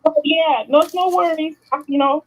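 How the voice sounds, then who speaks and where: A woman's voice: high-pitched, steady tone, normal speed. A woman joining a show by phone, chatting casually and apologetically. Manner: apologetic, eager. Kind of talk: casual chat. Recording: muffled phone-call audio.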